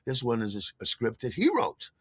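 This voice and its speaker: An older man hosting a podcast, telling a rambling story in a casual, animated way with restarts and chuckles. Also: fairly quick, no echo, studio quality. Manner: animated, acts out quotes in a higher voice. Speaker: podcast host.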